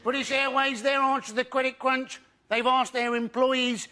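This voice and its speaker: A male comedian doing a stand-up routine, telling jokes in a deadpan way with mock quotes. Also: extremely high pitch, moderate pace, few pauses, smooth.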